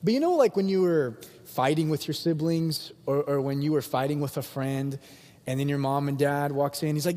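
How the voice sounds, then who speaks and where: Animated young male preacher in a hall. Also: on the high side, moderate pace. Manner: animated, acts out quotes in voices. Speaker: pastor. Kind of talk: sermon.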